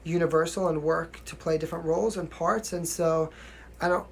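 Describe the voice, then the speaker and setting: A man's voice: fairly high pitch, steady tone, brisk, vocal fry, slight background noise. A young man from New York with a mild New York accent, chatting casually on a livestream as a singer answering viewer questions, often asking "you know what I mean" and laughing.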